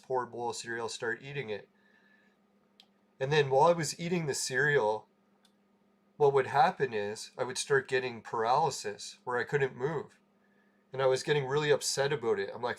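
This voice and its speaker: A man hosting a casual livestream, telling a rambling story, laughing and swearing freely. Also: mid-range voice. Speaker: livestream host.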